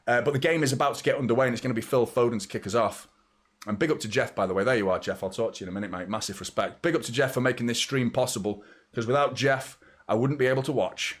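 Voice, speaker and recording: A man's voice: medium pitch, quick pace. A young English man hosting a live football watchalong, chatting casually and rambling to viewers by name. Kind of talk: casual live match chat.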